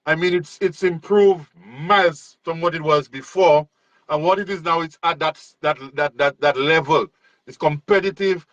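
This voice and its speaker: A male host with a somewhat high voice chats in an easy, encouraging way, often restarting his sentences. The sound is dull and lo-fi, dry and close, like audio from a remote call. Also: normal speed, dry recording. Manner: relaxed, encouraging, hesitant restarts. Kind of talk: casual interview chat. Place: overseas, remote.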